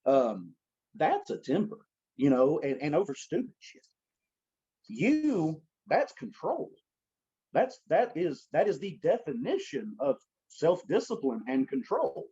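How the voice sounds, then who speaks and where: A blunt man talking in a casual podcast, swearing freely and pressing his points hard. His voice is husky and pitched fairly high for a man, and it swings widely up and down. The sound is dull and lo-fi. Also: very animated, takes it slowly, warm tone. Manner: blunt, profane and emphatic. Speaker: guest, strength coach and gym owner.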